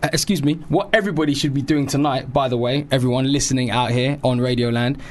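A man's voice: medium pitch, fast talker. A man co-hosting a radio show, bantering playfully and teasing his co-host. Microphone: studio microphone.

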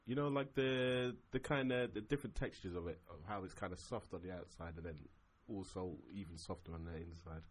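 A man's voice: low voice, brisk, hardly any pauses, slight background noise. A man co-hosting a radio show, giggling a lot through the banter. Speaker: radio co-host. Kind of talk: casual banter.

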